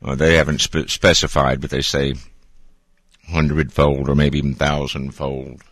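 A man's voice: rumbling low, little pitch movement, normal speed, a bit bright, no echo. A man hosting a call-in radio talk show, chatting casually and teasing callers in a rambling, joking way.

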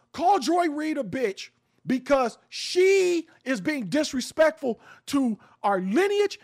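A man with a strikingly high, gravelly voice hosts a radio talk show. He delivers heated opinions in a blunt, profane style. His pitch swings in a lively way as he presses each point. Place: home in the Arizona desert.

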